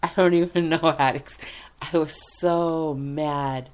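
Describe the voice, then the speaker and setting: A woman telling a personal hospital story in a casual, animated way, swearing often and laughing between lines. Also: low voice, unhurried. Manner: animated, profane, frequent laughs and fillers. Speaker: radio show host telling a personal story.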